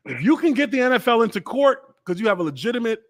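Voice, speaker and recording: A man in his thirties who hosts a podcast and tells stories in a profane, animated way, acting out the voices he quotes. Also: very high voice, quick pace. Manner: profane, acts out quoted voices, laughs often. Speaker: podcast host and former NFL lineman. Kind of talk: animated storytelling, casual chat.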